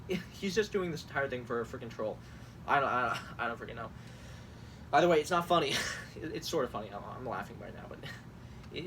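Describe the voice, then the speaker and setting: A man's voice: on the high side, a bit bright, distant mic. A young man reading campaign messages aloud and reacting with sarcastic, exasperated commentary, swearing and laughing often. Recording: mic set back, faint room noise.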